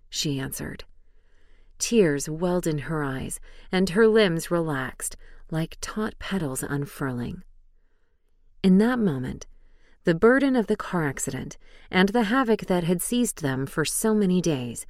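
A woman narrating an audiobook in a calm, measured reading voice. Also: low voice, no echo, clean studio sound. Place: studio booth.

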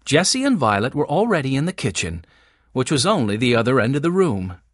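A woman narrating a children's chapter book with a very lively, swooping delivery. Her clear storytelling voice sits close on the mic with a dry, dead sound. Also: rumbling low, a little fast, no echo. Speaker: audiobook narrator.

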